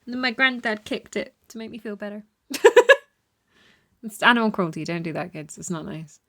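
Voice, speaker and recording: A woman's voice: medium pitch, expressive, normal speed, pushed and bright. A woman voice actor chatting casually between takes at home, giggly and self-mocking, a little teary. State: teary from emotional scenes. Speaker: voice actor in a fan audio drama. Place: home recording setup at night.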